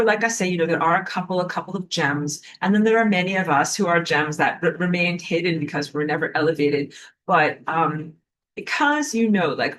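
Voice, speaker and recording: A spiritual teacher talks casually on a livestream, rambling with lots of fillers and the odd swear word, reading viewer comments aloud and apologizing often. The voice is medium-pitched and a bit bright, and the recording quality is low.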